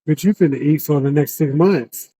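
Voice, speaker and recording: Man on a phone call, a little high and mellow, dry sound, short teasing quips. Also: moderate pace, no room sound. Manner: short teasing interjections, slangy. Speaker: host, listening friend on a phone call. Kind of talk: casual gossip on a phone call.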